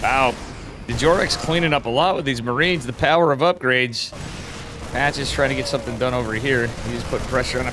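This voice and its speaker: A tired man doing casual solo live commentary on an esports match, chatty and laid-back, getting louder and quicker when fights break out. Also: medium pitch, over music. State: tired, yawning.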